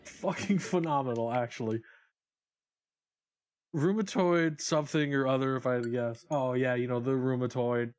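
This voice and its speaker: A man's voice: medium pitch, normal speed, a little mellow. A man live-streaming a video game, chatting casually with viewers in a profane, rambling, joking way.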